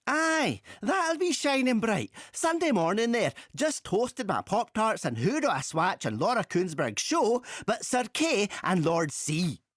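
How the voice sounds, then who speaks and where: Woman doing a Glaswegian man, slangy, cheeky, lively pitch, dry sound. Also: unhurried, hardly any pauses, no echo. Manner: slangy, animated, pally banter. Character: male politician doing a broad Glaswegian voice. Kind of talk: sketch comedy.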